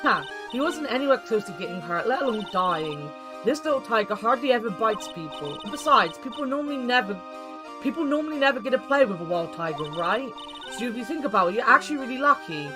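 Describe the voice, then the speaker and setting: A woman's voice: a little high, animated, fairly quick, lightly acted. A woman voicing a perky young circus animal tamer who talks in a bubbly, teasing way. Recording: game music underneath.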